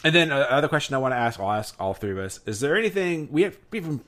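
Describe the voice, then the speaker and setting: A man's voice: mid-range voice, sing-song, fast, fairly bright tone. A man hosting a casual movie review chat, rambling with many fillers and restarts as he asks questions. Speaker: podcast host.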